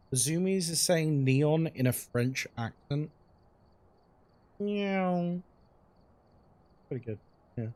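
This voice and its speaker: A man's voice: mid-range voice, darkish tone. A young man streaming a ghost-hunting game live, chatting casually with his chat while he plays and reacting to what happens in the game.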